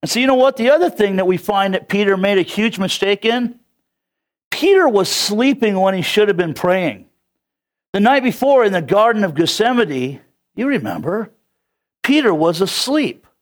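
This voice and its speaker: A man's voice: sits high, expressive, moderate pace. A man from California with a Californian accent, preaching a casual, conversational sermon and chuckling between his points. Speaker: pastor.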